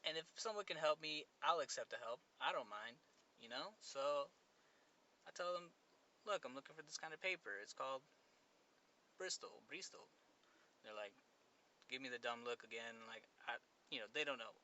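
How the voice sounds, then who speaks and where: A man's voice: medium pitch, lively intonation, brisk, sharp tone, dull audio, slight background noise. A young man hosting a podcast, telling a casual story with lots of fillers and restarts. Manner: rambling, many fillers and restarts. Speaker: podcast host.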